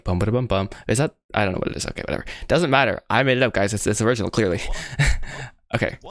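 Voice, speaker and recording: A man's voice: lowish voice, no echo. A young man from the United States chatting casually on a livestream while he animates, rambling, joking at his own expense and sounding out mouth shapes. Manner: rambling, self-mocking, excitable, says bro and guys a lot.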